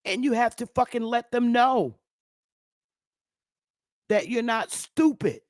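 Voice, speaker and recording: A woman's voice: a little high, slow, a little mellow, no room sound, clean studio sound. A woman talking straight to the camera in a casual monologue, blunt, heavy on profanity and emphatic. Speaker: online commentator.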